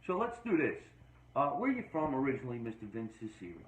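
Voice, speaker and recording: A man from New Jersey hosting a casual podcast chat, energetic and joking with emphatic delivery. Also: mid-range voice, quick pace. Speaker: podcast host. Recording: echoey room, dull lo-fi sound.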